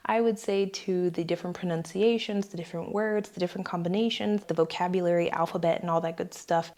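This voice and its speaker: Earnest young woman vlogging, low-ish voice. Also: dark tone. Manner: earnest, explanatory. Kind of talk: talking to camera.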